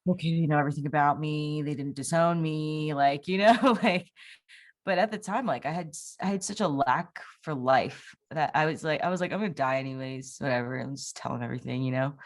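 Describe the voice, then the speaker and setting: A woman's voice: sits low, moderate pace. A young woman, an interview guest, telling a personal testimony in a candid, rambling way, full of fillers and restarts. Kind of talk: personal testimony in casual conversation.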